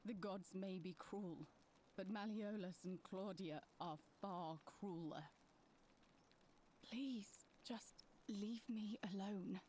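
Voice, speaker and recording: An actress playing a weary young woman recovering from poisoning, speaking slowly and reluctantly in video game dialogue. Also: medium pitch, dark tone, slight background noise, natural voice. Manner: slow, tired, reluctant.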